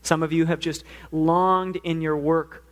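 A man's voice: on the high side, level tone, a little slow, fairly bright tone. A man preaching a sermon, earnest, now and then acting out the pleas he quotes. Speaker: pastor.

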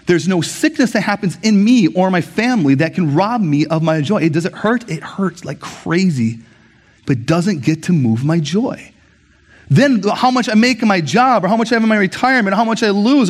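A man preaching a sermon as pastor, conversational and animated, often checking in with the congregation with asides. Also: sits high.

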